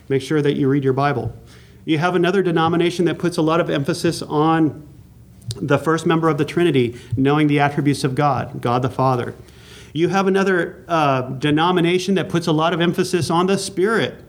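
Earnest man teaching a Bible lesson. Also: on the high side. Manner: earnest, emphatic, slows down to stress key words. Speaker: pastor teaching a class. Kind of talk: sermon-style Bible teaching.

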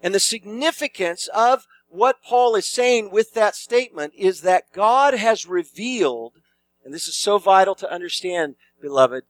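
Emphatic high-voiced male preacher. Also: fairly bright tone, dry recording. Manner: emphatic, repeats key phrases. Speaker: pastor. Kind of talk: expository sermon.

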